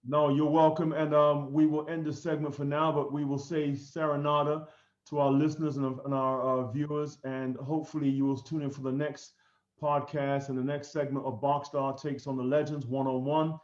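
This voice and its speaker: A man hosting a podcast interview, speaking in a formal, courteous way with many pauses filled by ums and uhs. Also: fairly high pitch, level tone, darkish tone. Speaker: podcast host. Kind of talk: interview sign-off. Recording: echoey, dull lo-fi room audio.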